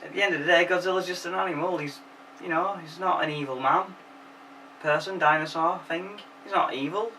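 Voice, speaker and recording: A man's voice: fairly high pitch, brisk, sharp tone, distant mic, low-quality recording. Brief: young male host, jokey sweary film recap, faint background hiss.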